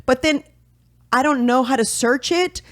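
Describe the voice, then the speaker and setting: A woman co-hosting a casual podcast chat in a studio, chatty and quick to laugh, sometimes reading passages aloud from a book. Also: sits high. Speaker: podcast co-host. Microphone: studio mic.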